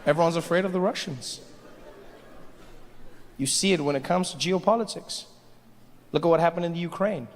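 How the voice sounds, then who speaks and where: Through a stage mic carrying long hall reverb and a faint hiss, a man does a stand-up set on a big stage, animatedly telling stories and switching into character voices. He speaks at a moderate pace in a fairly high pitch, leaving long pauses.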